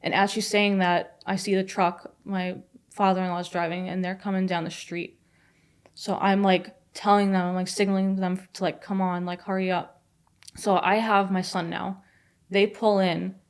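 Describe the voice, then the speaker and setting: A young woman telling a personal story as a podcast guest, fast and chatty with many fillers. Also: medium pitch, flat delivery, clear, resonant tone. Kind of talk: casual storytelling.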